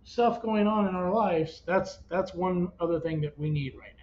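A man's voice: sits high, normal speed, a little mellow. A man telling the story of his family's hard times as a parent of a child with cancer, in an earnest, emotional way that often stops and restarts. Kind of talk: personal storytelling podcast. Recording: dull lo-fi audio with faint hiss.

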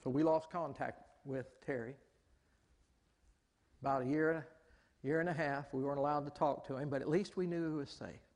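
A man preaching a lively storytelling sermon in a large church hall, exclaiming often and acting out the people he quotes. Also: fairly high pitch, moderate pace, long pauses. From Southern United States. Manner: animated, exclaims often, acts out quoted voices. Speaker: pastor. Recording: long hall reverb.

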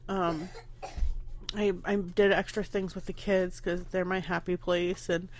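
A woman's voice: on the low side, little pitch movement, measured pace, a little hiss or hum. A young adult woman hosting her own podcast, talking candidly and rambling, pregnant and emotional, close to tears, with nervous laughs. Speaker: podcast host. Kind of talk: casual personal podcast.

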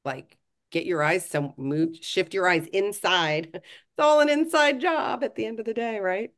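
A woman's voice: medium pitch, measured pace, a bit bright. A woman co-hosting a self-help podcast, talking earnestly and frankly in casual chat, swearing now and then. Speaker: podcast co-host.

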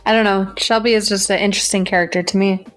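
A woman co-hosting a book podcast, talking in a relaxed way with lots of fillers. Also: mid-range voice, fast talker, faint music behind. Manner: relaxed, filler-heavy talk. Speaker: podcast co-host. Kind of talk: casual book discussion.

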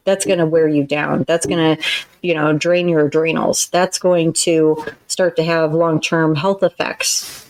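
Woman podcast co-host, slightly low voice, earnest explainer in casual chat. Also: flat delivery, measured pace, darkish tone, poor audio. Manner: earnest, explanatory, acts out tones of voice in examples.

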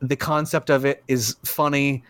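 A man co-hosting a podcast in casual chat, excitable and rambling, swearing freely. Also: mid-range voice, normal speed, clear, resonant tone, no echo. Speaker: podcast co-host.

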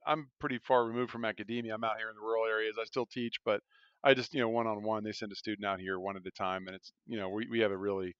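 Fast-talking low-voiced man, lo-fi dry sound. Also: a bit bright, no room sound. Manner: fast, rambling, self-interrupting. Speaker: podcast co-host, rural doctor who teaches. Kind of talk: casual podcast chat.

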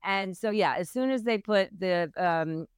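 A woman's voice: medium pitch, unhurried, clean tone, dry recording, studio quality. A middle-aged woman, a midwife, earnestly telling her own hard birth story as an interview guest. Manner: earnest, intense retelling of a hard memory. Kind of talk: personal storytelling in a podcast interview.

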